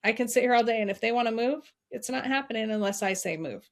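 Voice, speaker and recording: A woman's voice: a little high, quick pace. A middle-aged woman speaking as a guest, earnestly telling personal stories and repeating encouraging advice. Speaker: guest, suicide prevention advocate. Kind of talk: heartfelt conversational storytelling.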